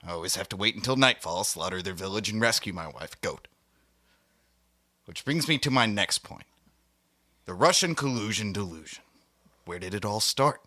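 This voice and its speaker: A man hosting a satirical monologue, speaking with a mock-serious, grandiose air and slipping into theatrical asides. His voice sits low, yet the tone is bright and forceful. The sound is dry and close, with no room around it. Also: expressive, brisk, no room sound. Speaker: host.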